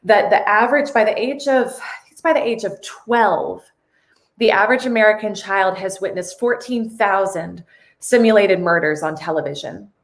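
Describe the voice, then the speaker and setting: A woman's voice: medium pitch, moderate pace, reverberant. A woman hosting a casual live stream, earnest and tearful, reading viewer comments aloud.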